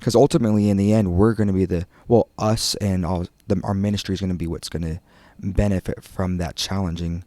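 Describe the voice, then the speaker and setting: A man with a low, warm voice speaks in relaxed podcast conversation. He is agreeable and backs up his co-host with short nods of assent. The recording is close and dry. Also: a little fast, few pauses, no room sound. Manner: agreeable, chimes in with short affirmations. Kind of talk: casual podcast chat.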